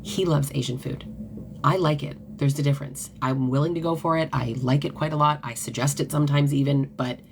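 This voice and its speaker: A woman's voice: sits low, fairly even intonation, fairly quick, few pauses, noisy background. A woman coach and author talking earnestly and casually to viewers on a live stream. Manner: earnest and conversational, with many "like" fillers.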